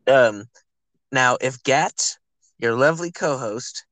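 A man's voice: mid-range voice, animated, takes it slowly, a bit bright, no echo, low-quality recording. Young guy cohosting a podcast, cursing and laughing, dude every line, middle voice, dry close mic. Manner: laughing, swearing, says dude a lot. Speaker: podcast co-host. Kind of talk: casual podcast banter.

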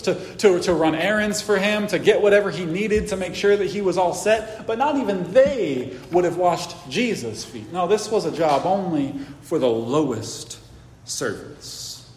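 Pastor preaching, casual and animated, higher male voice, echoey church hall. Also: moderate pace. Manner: casual, animated storytelling with many restarts. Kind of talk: sermon. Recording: echoey hall, faint background hiss.

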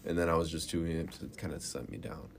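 A man with an extremely deep voice talks as a podcast guest in a relaxed, halting way, stumbling over repeated words. Faint background noise runs under the recording. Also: creaky. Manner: relaxed, halting, many restarts. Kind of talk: casual podcast conversation.

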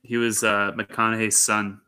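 Male co-host, terse deadpan delivery, low voice with a sharp bright tone. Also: a little slow, clean tone. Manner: terse, dry, deadpan replies. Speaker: podcast co-host. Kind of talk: casual movie review chat.

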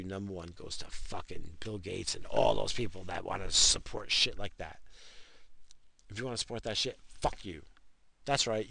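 A man's voice: fairly low pitch, gravelly, pushed and bright, no echo. A man in his thirties giving a profane, rambling late-night rant after drinking, talking about his wife and kids. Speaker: vlogger ranting to camera.

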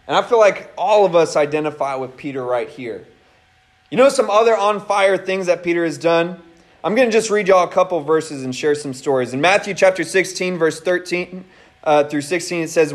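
Animated high-voiced preacher man. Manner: animated, laughing, acts out quotes. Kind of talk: casual sermon.

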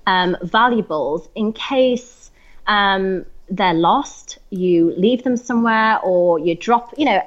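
A woman's voice: mid-range voice, muffled recording. A woman from North Yorkshire with a neutral, slightly posh English accent, a podcast guest talking hesitantly with many ums. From North Yorkshire, England. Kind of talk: casual interview chat.

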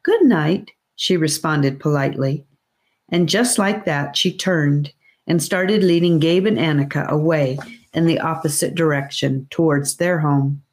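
A woman narrating a children's fantasy audiobook in a steady, careful reading voice. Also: deep voice, a little slow. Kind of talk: scripted narration.

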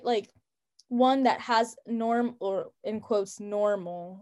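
A young woman with a somewhat high voice co-hosts a casual podcast. She talks in an opinionated, emphatic way and fills her speech with "like". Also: darkish tone. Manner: opinionated, emphatic, frequent "like" fillers. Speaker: podcast co-host.

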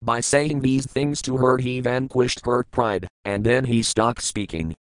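A man giving a measured, scripted verse-by-verse scripture reading, reciting each verse and then its word meanings. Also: medium pitch, dry recording, rough recording. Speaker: scripture reader.

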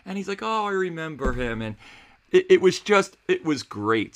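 Man, bright voice, casual storytelling, teacher, animated retelling. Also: a little high. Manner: animated storyteller, acts out quoted dialogue. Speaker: seventh grade history teacher and podcast host. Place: New Jersey.

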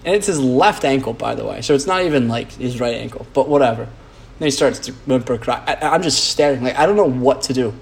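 A man talks through a loose, rambling podcast monologue. His delivery is blunt and profane, packed with fillers and false starts, and his pitch sits in the middle range. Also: brisk, gravelly. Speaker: podcast host.

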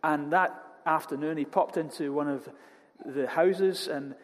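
A man preaches in a church hall, his voice slightly higher than most men's. His delivery is animated and jokey as he tells stories. A long reverb trails each phrase. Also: a little slow. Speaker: pastor. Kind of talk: sermon.

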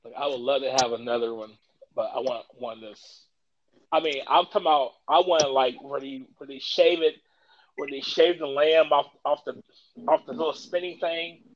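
A man from Kentucky, hosting a casual podcast and telling stories in an animated way, laughing often. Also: medium pitch, normal speed, highs cut off. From Kentucky, US South. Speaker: podcast host. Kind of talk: casual chat.

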